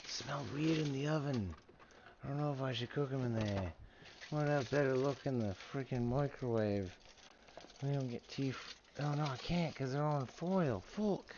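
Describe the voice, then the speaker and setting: A man's voice: mid-range voice, normal speed. A man chatting casually to himself while cooking, drawling and swearing as he goes. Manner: drawling, profane, talks to himself. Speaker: gaming streamer. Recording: dull, noisy home recording.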